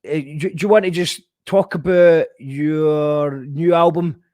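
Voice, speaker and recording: A man's voice: on the high side, steady tone, measured pace, a little mellow, dry recording, studio quality. A man hosting a casual online show, rambling and joking as he thinks aloud. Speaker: podcast host. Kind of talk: casual chat.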